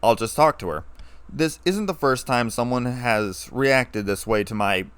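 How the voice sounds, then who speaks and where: Guy reading as a tired scarred soldier dude, flat low voice, dry close sound. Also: a little slow, smooth, no echo. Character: scarred, weary human soldier man, guarded.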